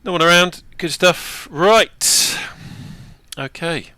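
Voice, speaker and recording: A man's voice: mid-range voice, unhurried, gravelly, bright, forceful tone, no room sound. A man hosting a flight simulator video, narrating casually and chatting while he works the controls, with self-deprecating asides. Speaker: flight sim video host.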